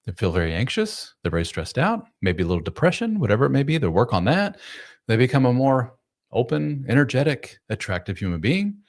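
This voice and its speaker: A man's voice: mid-range voice, wildly swooping pitch, fairly quick. A man hosting a live advice chat who talks frankly and bluntly and swears casually. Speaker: host.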